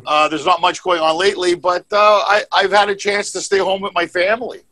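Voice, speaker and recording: A stand-up comedian from Canada tells his story in a rambling, self-mocking way. His voice is bright and a little high for a man. He comes through a video-call mic. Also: level tone, brisk. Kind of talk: casual panel chat.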